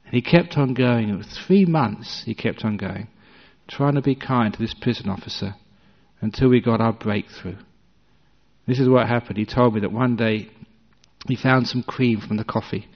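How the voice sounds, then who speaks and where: A man's voice: medium pitch, moderate pace. Male meditation teacher, dharma talk, storytelling and wry; muffled, reverberant hall recording. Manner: conversational storyteller, gently humorous.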